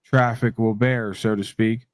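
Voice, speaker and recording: A man co-hosting a casual talk show, speaking in a measured, philosophizing way. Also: lowish voice, steady tone, dry recording. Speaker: podcast co-host. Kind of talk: casual chat.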